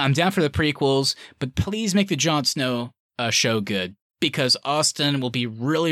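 Casting: man, podcast co-host, bright forward tone, dry close mic, rambling fan chatter. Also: mid-range voice, no echo. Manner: chatty, rambling, with many fillers and laughs. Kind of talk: casual fan discussion.

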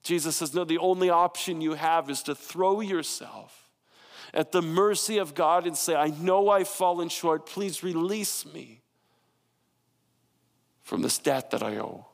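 A male pastor in his thirties delivers a sermon in a conversational, storytelling way with playful asides. His voice sits high for a man. The sound carries a long hall reverb. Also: unhurried, creaky.

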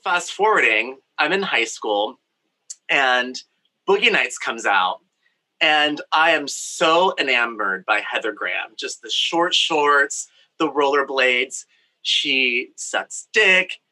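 A man's voice: mid-range voice, lively intonation, takes it slowly, sharp tone, low-quality recording. A young man from Brazil, a storyteller with a campy, candid, playful way of talking, recording in a home craft studio. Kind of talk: personal storytelling.

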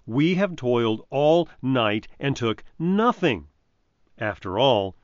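A man reading a recorded devotional reflection in a measured, reverent way, lifting his voice for quoted lines. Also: medium pitch, dry recording. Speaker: preacher. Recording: dry, dull lo-fi recording.

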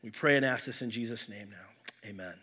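Bright-voiced man preaching a sermon. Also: on the low side, fairly quick, a little hiss or hum. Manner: earnest, storytelling with many restarts. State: unwell. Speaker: pastor. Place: church.

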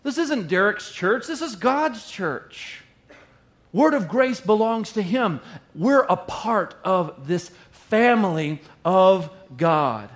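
A man's voice: high-pitched, animated, slow. A middle-aged male pastor preaching a sermon in a playful way, repeating lines for emphasis.

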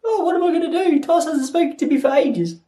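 A man voicing a sulky female voice assistant in a whiny, high, plaintive tone. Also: fast talker, warm tone, echoey room. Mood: mopey.

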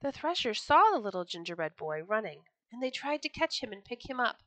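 A woman reads a storybook aloud with a bright, ringing voice and lively expression. The sound is close and dry, with no room around it. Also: on the high side, fairly quick, dry recording. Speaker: storyteller, podcast host.

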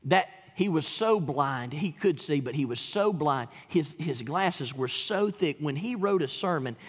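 Male pastor mid-sermon, slightly raised pitch, dramatic hushed-to-booming swings, echoing sanctuary. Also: lively intonation, measured pace, breathy edge. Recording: long hall reverb.

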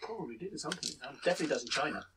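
A British man playing a tabletop game, making dry, deadpan remarks. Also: a little high, very fast, far from the mic. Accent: British English. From Britain. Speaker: player. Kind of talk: casual tabletop game chat. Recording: background noise.

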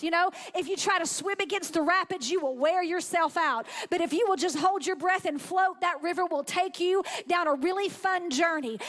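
High-voiced woman preaching animatedly. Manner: animated, conversational, acts out inner voices. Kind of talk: sermon.

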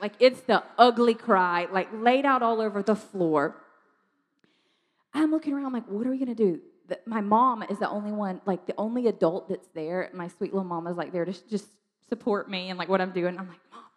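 A woman telling a lively testimony story in a chatty way, with lots of fillers and laughter. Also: medium pitch, in a large hall. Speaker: ministry speaker sharing testimony.

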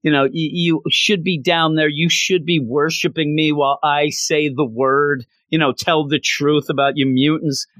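A man's voice: on the high side, little pitch movement, moderate pace, hardly any pauses, a bit bright, dry recording, close to an everyday voice. A man voicing an arrogant, sneering bigot who hates mutants, in a mocking, gloating way.

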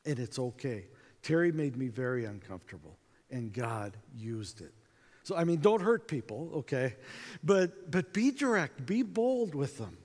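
A man giving a storytelling talk to a conference audience, acting out dialogue in an animated way, with reverb from a hall. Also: medium pitch, unhurried. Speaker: conference speaker.

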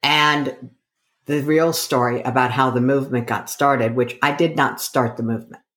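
A woman's voice: very deep voice, fairly even intonation, normal speed, a bit bright. A middle-aged woman from the United States, a coach being interviewed, who tells her story with energy and acts out the dialogue she quotes. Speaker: guest, coach.

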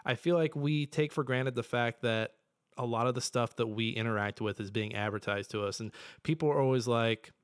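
A young man co-hosting a casual podcast, ranting profanely and excitably, with sudden bursts of yelling. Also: mid-range voice, normal speed, clear, resonant tone. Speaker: podcast co-host.

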